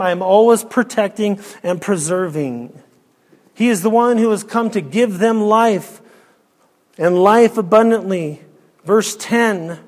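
Emphatic high-voiced male preacher. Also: in a large hall. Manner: emphatic, rhetorical questions, drops to a hush. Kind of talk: expository sermon.

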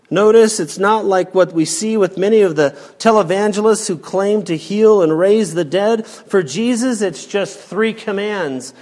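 A male pastor preaches in a high-pitched voice, taking his time over each phrase and lifting hard on the quoted commands. The sermon rings out in a church sanctuary with a long, trailing reverb. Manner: slow, emphatic, rising sharply on quoted commands. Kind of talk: expository sermon.

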